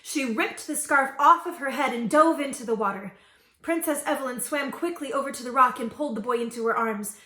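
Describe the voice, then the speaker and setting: A woman reading an original fairy tale aloud to children, with gentle, expressive storytelling. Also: sits high, brisk. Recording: echoey room.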